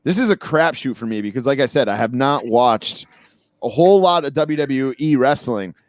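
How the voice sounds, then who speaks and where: A man from western Massachusetts chats casually with a co-host, tossing in jokes and quick asides. His voice sits in an ordinary middle pitch. The sound is close and dry. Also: lively intonation, dry recording. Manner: chatty, joking, quick asides. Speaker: podcast co-host. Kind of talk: casual chat.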